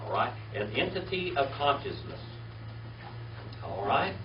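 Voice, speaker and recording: A man leads a Bible lesson for a small class, asking them questions and repeating key words with a steady "all right?" after each point. His voice sits in the middle of a man's range. It is picked up from across an echoey room, dull and lo-fi with a faint hiss underneath. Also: medium pitch, a little slow, recorded from a distance. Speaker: Bible teacher.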